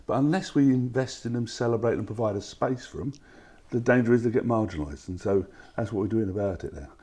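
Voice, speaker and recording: A man's voice: on the low side, fast talker, warm tone, breathy edge. An older man with a Cockney accent, speaking as a guest in passionate, emphatic and down-to-earth chat in a live studio. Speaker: festival organiser guest. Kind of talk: passionate talk-show chat.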